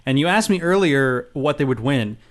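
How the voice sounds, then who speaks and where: A man's voice: medium pitch, lively intonation, normal speed. A man co-hosting a comedy podcast, easygoing and chuckling as he talks. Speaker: podcast co-host. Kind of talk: casual comedic chat.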